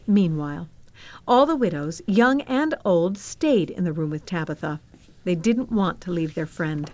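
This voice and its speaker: A woman narrating a Bible story for children in a gentle, expressive scripted style. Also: fairly low pitch, unhurried.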